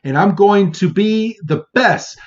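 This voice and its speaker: A man voicing a determined young girl trainer, higher pitch, excited, dull lo-fi audio. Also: slow pace. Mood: eager.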